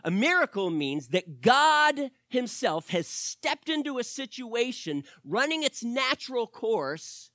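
A male pastor preaching a teaching sermon, swinging from loud emphasis to quiet asides and asking the audience questions. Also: very high voice, very animated, slow, few pauses, no echo, studio quality. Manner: asks the audience direct questions.

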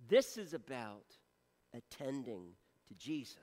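A man preaching a sermon in a church. His voice is high and swings widely, and his delivery is slow and deliberate. His words ring out with a long hall reverb. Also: big pitch swings. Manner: earnest preaching, swings from loud appeals to soft near-whispers. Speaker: pastor.

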